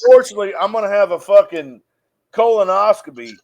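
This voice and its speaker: A middle-aged man trading crude, deadpan jokes as co-host in a casual podcast chat. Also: high-pitched, fast, over a noisy crowd.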